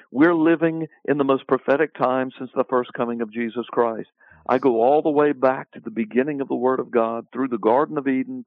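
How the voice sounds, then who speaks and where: A man's voice: medium pitch, no room sound. Emphatic preaching man on a phone line. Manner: emphatic, repetitive, builds lists. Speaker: author and Bible teacher. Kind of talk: preaching-style interview answer. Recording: phone-line sound, dry.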